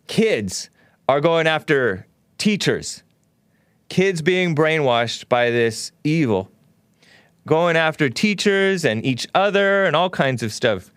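A man's voice: mid-range voice, smooth, no room sound, clean studio sound. A male talk show host delivering an opinionated monologue in a scornful, ranting way, with mocking laughs.

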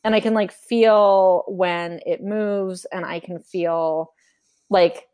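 A woman's voice: fairly low pitch, fairly even intonation, slow, a little mellow, clear, resonant tone. A woman speaking frankly in a casual conversation, chatty, acting out quotes as she tells her story. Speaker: memoir author guest. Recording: podcast conversation.

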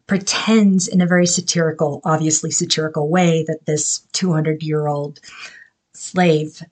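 A woman hosting a podcast, explaining thoughtfully and haltingly, with many fillers. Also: low voice, darkish tone. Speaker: podcast host.

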